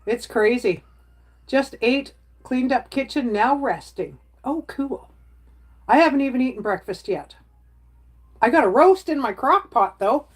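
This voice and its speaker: A woman's voice: sits high, animated, unhurried, breathy edge. Rambling middle-aged woman chatting on a livestream. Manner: rambling, chatty, reads out viewer comments. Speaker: livestream host chatting with viewers. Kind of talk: casual livestream chat.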